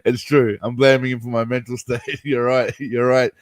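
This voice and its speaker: A man's voice: medium pitch, little pitch movement, moderate pace, dry recording. A man hosting a casual livestream chat, rambling with lots of laughter and calling viewers mate and brother. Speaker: livestream host.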